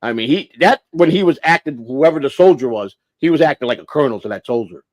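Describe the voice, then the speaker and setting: A man's voice: medium pitch, animated, fast, no echo. A man hosting a livestream, telling a long story in a profane, rambling way with lots of restarts. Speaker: livestream host.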